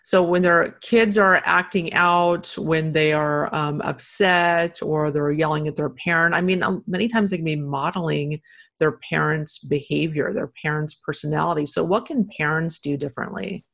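A middle-aged woman with a very low voice hosts a podcast interview. She talks in a chatty, warm way, filling her sentences with little fillers as she asks questions. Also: steady tone, moderate pace, vocal fry. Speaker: podcast host. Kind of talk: casual interview chat.

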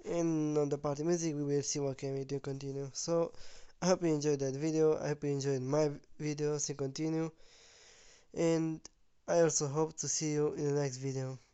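A man giving casual gameplay commentary on his channel, excitable and chuckling, with loose phrasing and a sick voice. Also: a little high, normal speed, clean tone, lo-fi sound. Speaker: gaming YouTuber.

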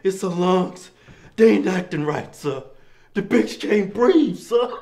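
A man's voice: high-pitched, expressive, slow, vocal fry, darkish tone, heavily acted. A man doing a meek pleading husband. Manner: breaks into laughter over and over. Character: pathetic pleading husband begging for his sick wife. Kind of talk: comedy sketch outtakes. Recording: noisy set recording.

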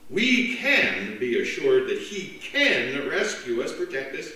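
A man preaching a sermon as pastor, with a slow, dramatic delivery. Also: mid-range voice. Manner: slow, dramatic delivery with lively voiced jokes. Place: church sanctuary. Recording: echoey church from far off.

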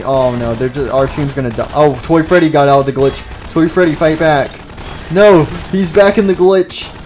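An excitable young man narrates his gameplay in a loose, joking way, breaking into loud outbursts now and then. His voice sits at an ordinary middle pitch for a man. Game music plays faintly behind him. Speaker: gaming YouTuber. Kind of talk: casual gameplay commentary.

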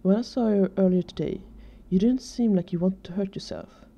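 A woman voicing a calm, methodical female social worker in a storybook reading. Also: medium pitch, moderate pace, natural voice. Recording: dull lo-fi recording.

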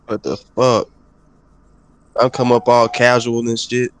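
A man's voice: mid-range voice, little pitch movement, unhurried, pauses often, smooth. Laid-back swearing young-sounding gamer guy. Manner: laid-back, swears a lot, laughs often. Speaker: gamer playing with a friend. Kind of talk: casual profane gaming chat.

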